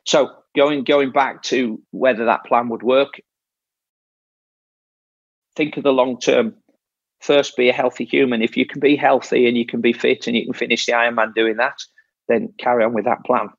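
A man's voice: medium pitch, level tone, moderate pace, gravelly, slightly rough, no echo, lo-fi sound. A man coaching an athlete in casual talk, explaining step by step and often restarting his phrases. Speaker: triathlon coach.

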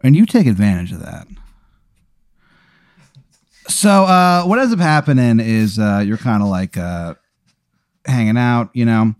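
At a measured pace with frequent pauses, a mid-range male voice hosts a podcast and rambles through improvised comedy as an animated storyteller, putting on goofy voices. The recording is dry with clean studio sound.

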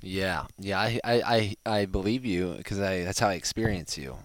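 A man's voice: deep voice, normal speed, no echo. A man hosting a podcast interview, talking enthusiastically and leaning on fillers like "like.". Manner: enthusiastic, filler-heavy with lots of "like". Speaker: podcast host. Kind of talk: casual interview chat. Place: home in Hawaii.

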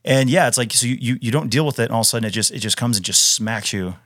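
A man's voice: mid-range voice, fast, a bit bright, no echo, clean studio sound. A man in his thirties from Wisconsin, a retired Navy SEAL, talking casually as a podcast guest with emphatic restarts and lots of fillers. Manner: emphatic, frequent fillers and restarts, says "dude" often. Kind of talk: casual conversational storytelling.

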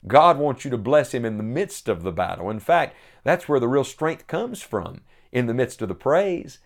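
A man preaching a sermon, earnest and emphatic, slowing down to stress key phrases and reading scripture aloud. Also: medium pitch, sing-song, creaky.

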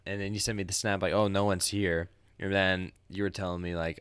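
Deep, smooth-voiced laid-back man. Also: flat delivery, brisk, hardly any pauses, fairly bright tone, dry recording. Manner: laid-back, short agreeing replies. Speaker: podcast co-host. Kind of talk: casual chat.

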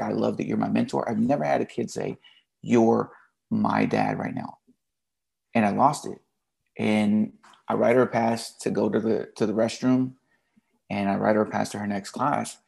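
A man's voice: on the low side, gravelly, darkish tone. A man, a teacher and podcast guest, telling a candid personal story in a blunt, emotional way with casual slang.

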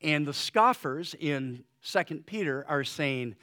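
A male pastor preaching a sermon, shifting between loud urgent exhortation and soft, quiet pleading, with conversational fillers. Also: fairly high pitch, lively intonation, slow, hardly any pauses.

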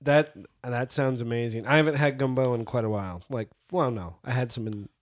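A man chatting casually, relaxed and agreeable. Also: mid-range voice, brisk. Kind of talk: casual chat.

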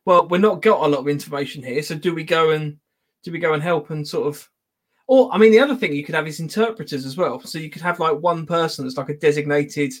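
Male host, fairly high voice, relaxed casual chat. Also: quick pace. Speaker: podcast host.

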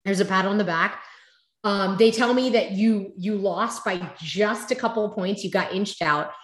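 A woman telling her career story as an interview guest, lively and acting out past conversations. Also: mid-range voice, moderate pace, roomy sound. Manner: animated, acts out past conversations.

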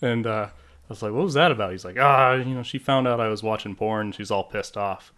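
A man's voice: lowish voice, fairly quick, a bit bright, clear, resonant tone. A man co-hosting a podcast, telling a story casually with lots of fillers. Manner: rambling anecdotes with many fillers. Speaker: podcast co-host. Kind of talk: casual chat.

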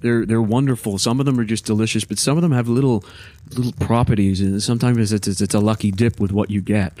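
A man's voice: on the low side, steady tone, fast talker, warm tone, no room sound. A man running a tabletop game as game master, narrating and voicing characters in a rambling way, often repeating words.

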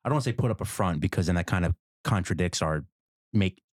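A man's voice: sits low, animated, a little mellow, no echo, studio quality. A man hosting a casual conversation, talking loosely with lots of fillers. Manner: quick, loose, filler-heavy talk.

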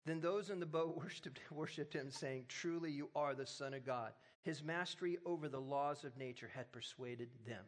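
A high-pitched man delivering a sermon. He retells the story in a relaxed, joking way, then presses his points with emphatic, rising urgency. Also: normal speed, few pauses. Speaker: pastor.

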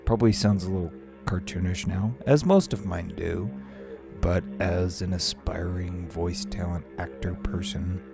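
Slow, gravelly man rambling on a podcast. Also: low-pitched, over loud music. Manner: rambling, laughs often, swears casually. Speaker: podcast host, aspiring voice actor. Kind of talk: casual podcast monologue.

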